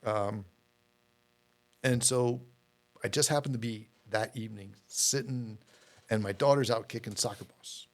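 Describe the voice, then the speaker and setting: A man's voice: fairly low pitch, a little slow, long pauses. A middle-aged man, a podcast guest, telling his story in a candid, rambling way with many fillers and repeated words.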